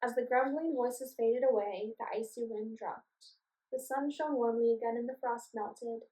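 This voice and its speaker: A woman reading a children's storybook aloud in a clear, expressive way. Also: fairly high pitch, measured pace. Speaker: storybook reader. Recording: echoey room, voice from a distance.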